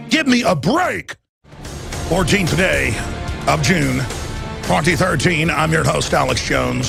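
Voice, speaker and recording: Gravelly ranting male radio host. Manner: ranting, often shouting and climbing high in pitch. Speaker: radio talk show host. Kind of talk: heated monologue. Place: radio studio.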